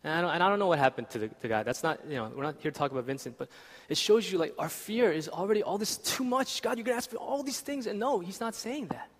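A man's voice: fairly high pitch, animated, fast talker, hardly any pauses. A young man preaching a sermon in a church, casual and conversational, often asking "right?". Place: church hall. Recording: reverberant church hall.

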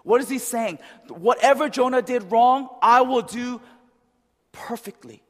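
High-voiced man preaching in an echoey hall. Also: unhurried. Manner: conversational, with frequent "right?" asides. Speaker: pastor. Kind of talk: sermon. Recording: long reverb of a large hall.

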